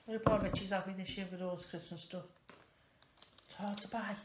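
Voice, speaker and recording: A woman's voice: mid-range voice, fairly even intonation, brisk. Woman, thirties, casual vlog chat, rambling, self-mocking, echoey room, noisy background. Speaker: vlogger. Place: indoors at home, wrapping presents.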